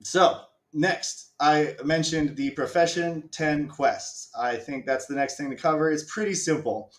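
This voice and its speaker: A man's voice: a little high, a little slow, echoey room. Chatty man demoing a game live. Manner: chatty, self-mocking, swears casually. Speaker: stream host. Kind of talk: casual live-stream game demo.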